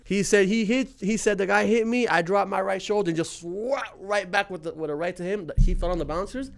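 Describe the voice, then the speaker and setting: A young man in casual podcast chat who talks fast and sounds smooth and clear, with a slightly high voice. He swears freely and acts out the people in his story. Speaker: podcast co-host.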